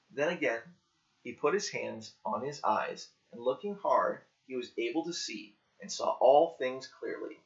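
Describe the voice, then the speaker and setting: A man reading scripture aloud slowly and carefully, in simple language for learners. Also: mid-range voice, expressive. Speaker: scripture reader. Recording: dull lo-fi recording.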